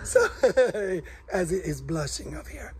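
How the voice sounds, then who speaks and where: A middle-aged man from the United States, hoarse from coughing, chatting away on a vlog and laughing often. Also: high voice, very animated, a little slow, a crowd in the background. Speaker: vlog co-host. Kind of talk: casual chat.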